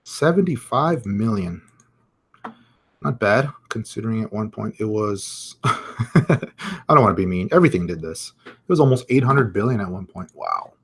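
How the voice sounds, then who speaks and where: A man hosting a live crypto market stream, giving casual chart commentary, chatty and thinking out loud as he reads viewer comments. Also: lowish voice, lively intonation, fairly quick, vocal fry, breathy edge.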